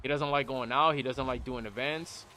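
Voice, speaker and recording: A gaming streamer with a medium-pitched voice talks at a moderate pace over a slight hiss or hum. Chatting casually while he plays, he gives blunt, animated opinions and keeps repeating phrases.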